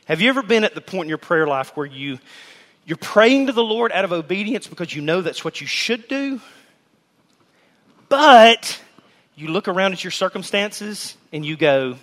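Brief male pastor, high forceful voice, animated and jokey with the crowd, long church reverb. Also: normal speed. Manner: animated, joking preacher who addresses the congregation. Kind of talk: sermon. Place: church sanctuary.

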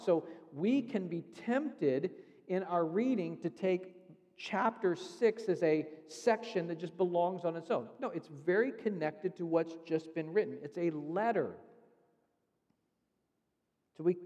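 A male pastor preaching with a slightly raised pitch and an earnest teaching manner. He walks through scripture step by step. His voice rings with the long reverb of a church sanctuary. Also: mellow. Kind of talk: sermon.

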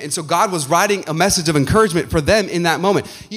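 A man preaching a sermon, fervent and shifting between loud declarations and hushed asides. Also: high-pitched, racing, few pauses. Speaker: pastor.

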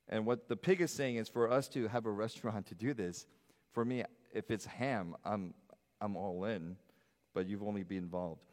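A middle-aged man preaching a sermon as pastor, swinging from loud, high emphasis to soft, low asides. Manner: animated preaching, rising loud then dropping soft. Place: church sanctuary. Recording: long hall reverb.

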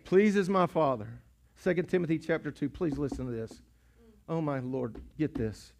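High-pitched preacher with a drawl. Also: male voice, normal speed, gravelly. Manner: preaching in swells from hushed to shouting, repeats words. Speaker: pastor. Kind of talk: sermon. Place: church sanctuary. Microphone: pulpit mic.

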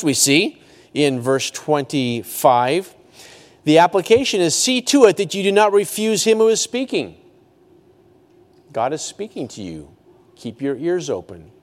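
A man preaching a sermon as a pastor, swinging from high emphatic peaks to hushed low lines. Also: in a large hall.

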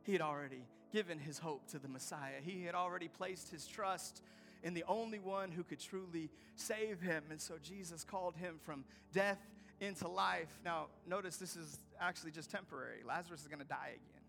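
A man preaching a sermon to a congregation, swinging from hushed, near-whispered lines to loud, emphatic passages. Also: fairly high pitch, normal speed, creaky, faint music behind. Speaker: pastor. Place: church hall before a congregation.

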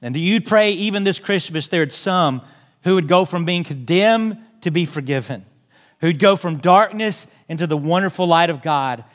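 A man's voice: fairly high pitch, expressive, moderate pace. A pastor preaching a sermon in a church, making earnest, direct appeals to his congregation. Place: church sanctuary.

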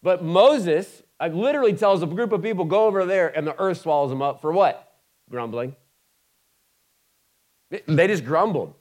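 A male pastor preaching a conversational sermon to a congregation, with quick asides and big swings from loud to quiet. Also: high voice, expressive.

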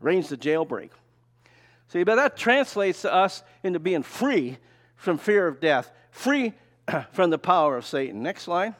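A man's voice: high voice, big pitch swings, unhurried, fairly bright tone. An older man giving a conversational, folksy sermon, often asking rhetorical questions and telling personal stories. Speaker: preacher. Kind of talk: sermon with slides.

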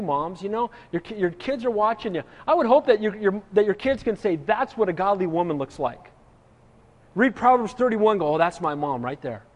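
A man with a high voice preaches a sermon, reading scripture aloud and then explaining it. He speaks earnestly and addresses the congregation directly. His voice carries a long reverb, as if he were in a large hall. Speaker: pastor.

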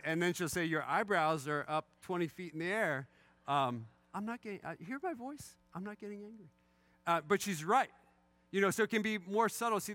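A man's voice: fairly high pitch, bright, forceful tone, no room sound. A middle-aged man preaching as a pastor, conversational and candid, with wry asides about his own failings. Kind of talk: sermon.

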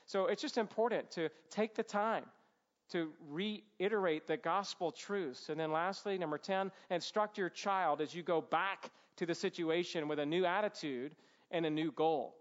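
Man, fairly high voice, earnest Christian-parenting teacher, numbered talk, muffled lo-fi audio. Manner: earnest, emphatic, quick asides. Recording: dull lo-fi sound.

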